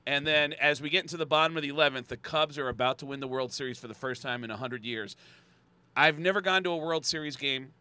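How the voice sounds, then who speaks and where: Man, comedic storyteller, bright and forward tone, lively quotes with shouted bursts. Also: on the high side, quick pace, clean tone. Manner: animated, acts out quotes with loud shouting bursts. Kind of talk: casual podcast storytelling.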